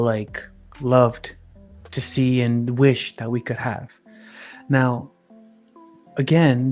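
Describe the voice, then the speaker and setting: A man's voice: medium pitch, darkish tone. A man hosting a podcast in casual chat, earnest and repeating words for emphasis. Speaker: podcast host.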